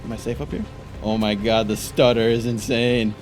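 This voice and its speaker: A man giving frantic live gameplay commentary, exclaiming and frustrated, later calmly narrating. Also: fairly low pitch, normal speed, faint music behind. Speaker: gaming YouTuber.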